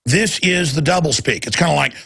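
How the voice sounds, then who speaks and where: A man's voice: on the high side, brisk, vocal fry, bright, forceful tone, breathy edge. A man hosting a talk radio show, delivering an impassioned, ranting monologue into a studio microphone, often repeating words.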